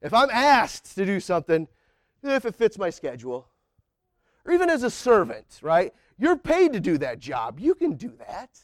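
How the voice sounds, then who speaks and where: High-voiced man preaching a lively sermon. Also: normal speed, no room sound, clean studio sound. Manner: animated, rising to near-shouts when acting out prayers; colloquial, says y'all and man. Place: church sanctuary.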